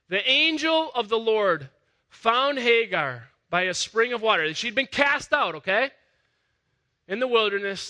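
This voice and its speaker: A man preaching in a lively, conversational way. His voice is high and very bright, and it climbs to loud, emphatic peaks. It sounds like a full sermon. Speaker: pastor.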